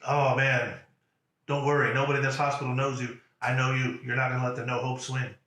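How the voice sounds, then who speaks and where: A man voicing a loud, insistent middle-aged football coach in a retold hospital story. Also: mid-range voice, level tone, fairly quick, echoey room, close to an everyday voice. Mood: brisk reassuring. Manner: yelling, insistent.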